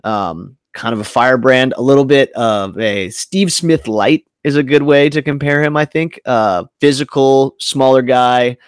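A man hosting a casual sports podcast, laid-back and joking, with plenty of fillers as he talks. His voice sits at an ordinary middle pitch. The recording is dry and close, with no echo. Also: measured pace, hardly any pauses, clear, resonant tone. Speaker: podcast host.

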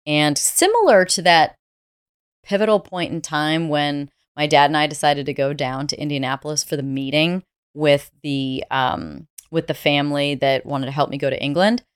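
Woman, low pitch, smooth clear voice, dry close mic, candid storytelling guest. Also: moderate pace, no room sound. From United States. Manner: reflective, candid, laughs easily. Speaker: interview guest. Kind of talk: conversational storytelling.

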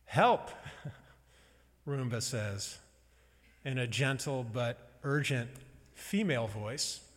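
A man's voice: medium pitch, slow. Reflective male preacher in a reverberant hall. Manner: conversational, wry and reflective. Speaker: pastor. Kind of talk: sermon. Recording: long reverb of a large hall.

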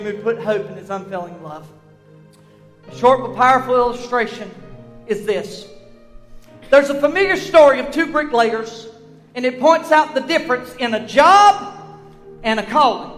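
A male pastor preaching a sermon in a church, swinging between shouted passages and hushed ones. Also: extremely high pitch. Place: church sanctuary. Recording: long hall reverb with faint music.

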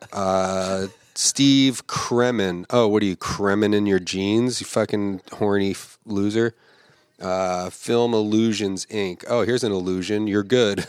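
A man hosting a comedy podcast, roasting names from film credits with crude, profane insults. He reads each name slowly, then fires off the joke quickly. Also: fairly low pitch, no room sound. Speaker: podcast host.

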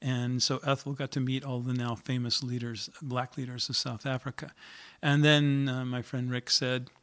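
A man's voice: medium pitch, little pitch movement, normal speed, fairly bright tone. A middle-aged man, a singer-songwriter, telling in an earnest, reflective way how he came to write a song. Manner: reflective, earnest storytelling with fillers. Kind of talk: spoken story about writing a song.

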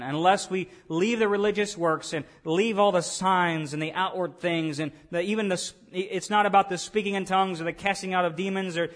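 A man preaching a sermon, earnest and repeating key phrases for emphasis. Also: sits high. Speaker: pastor.

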